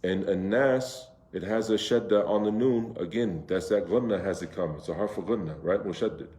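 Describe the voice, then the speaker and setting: A man leads a class on Quran recitation, stretching out Arabic words and checking back with his students. His voice sits low and mellow. The room around him is echoey. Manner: explains slowly, drawing out Arabic words and asking the class questions. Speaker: imam teaching Quran recitation. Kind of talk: interactive class lesson.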